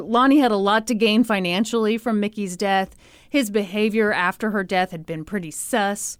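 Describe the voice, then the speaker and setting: A woman's voice: medium pitch, clean tone, dry recording, studio quality. A woman co-hosting a podcast, telling a true crime story in a casual, sarcastic way and acting out the people she quotes. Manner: animated, sarcastic, acts out quotes with laughs.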